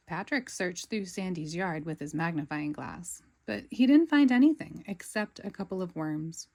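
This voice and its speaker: A woman, a parent, reading a storybook aloud with clear, expressive narration. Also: on the low side, moderate pace, hardly any pauses.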